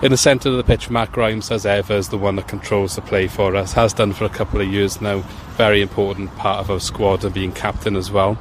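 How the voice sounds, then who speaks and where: A man appearing as a guest podcaster, talking football in a measured, slightly hesitant way. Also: fairly low pitch, fairly even intonation, a little hiss or hum. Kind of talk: casual football chat.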